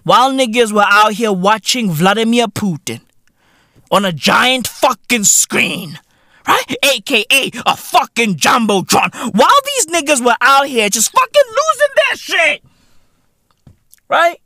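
A man's voice: very high voice, big pitch swings, a little slow, bright, forceful tone, no room sound, studio quality. A man from South Africa hosting a podcast, delivering a profane, comedic rant full of slang. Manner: profane, ranting, heavy London-style slang. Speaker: podcast host.

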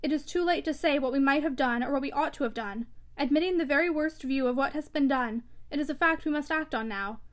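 A woman's voice: high-pitched, brisk, close to an everyday voice. Woman reading as an impassioned young suitor. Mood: insistent. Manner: urgent, raised, insistent delivery.

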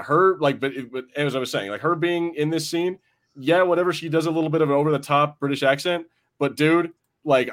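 An American man co-hosting a podcast, joking and swearing freely in casual chat. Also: a little high. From United States. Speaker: podcast co-host.

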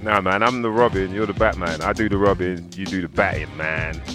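A man's voice: deep voice, fairly even intonation, brisk, music in the background. A man co-hosting a podcast, talking in a laid-back, slangy way and laughing easily. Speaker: podcast co-host. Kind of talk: casual interview chat.

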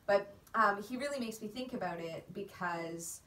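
A woman's voice: mid-range voice, moderate pace, pushed and bright. A woman riding coach chatting casually on a podcast, explaining things in depth and laughing often. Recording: roomy, distant mic, faint background noise.

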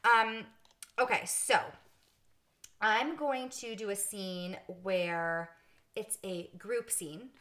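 A woman's voice: mid-range voice, drawn-out words, fairly bright tone. A woman co-hosting a podcast in casual book discussion chat, talking candidly and animatedly and laughing at herself. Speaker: podcast co-host.

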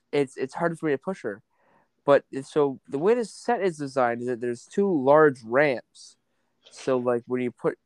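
A stage actor appearing as a podcast guest chats casually, teasing bluntly in a dry tone. His medium-pitched voice sounds clean, with no room sound.

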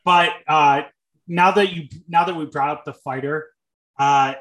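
A man's voice: fairly high pitch, fairly even intonation, a little slow, muffled recording. A young man chatting as a podcast co-host, joking and cutting in. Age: young adult. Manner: joking, interrupts, bursts of loud yelling. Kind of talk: casual chat.

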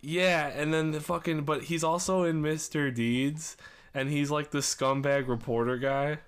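A man's voice: on the high side, steady tone, measured pace, clean tone. A young man, a podcast co-host chatting casually and swearing a lot as he rambles. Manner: rambling, swears a lot, acts out movie quotes. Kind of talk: casual chat.

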